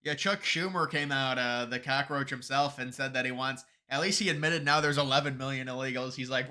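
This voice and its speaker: Bright-voiced man rambling on a live stream. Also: mid-range voice, fairly quick, hardly any pauses. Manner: rambling, sarcastic, many restarts. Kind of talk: casual political commentary stream.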